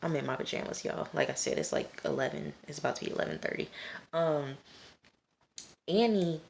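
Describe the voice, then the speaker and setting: At home late at night, a woman recaps a TV episode casually to camera, chatting straight to her viewers and scolding the characters along the way. Her low voice swoops wildly in pitch, with vocal fry and a darkish tone, and she talks a little fast. There's a little hiss or hum.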